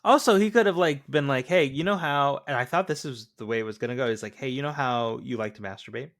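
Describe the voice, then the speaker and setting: A man co-hosting a podcast, chatting casually about a film with quick back-and-forth reactions. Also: medium pitch, a bit bright. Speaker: podcast co-host.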